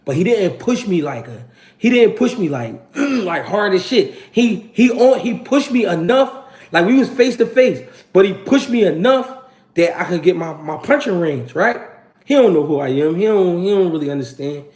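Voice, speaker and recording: A man's voice: high voice, animated, moderate pace, a little mellow. A man, hosting his channel and telling a story to a live audience in a casual, slangy and profane way, acting out the quotes. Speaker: channel host.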